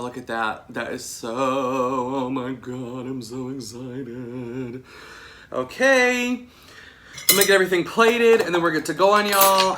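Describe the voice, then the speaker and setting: A young man with a Southern American accent hosting a solo mukbang vlog, chatty and excited, saying "y'all" again and again. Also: on the high side, slight background noise. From Southern United States. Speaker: podcast host.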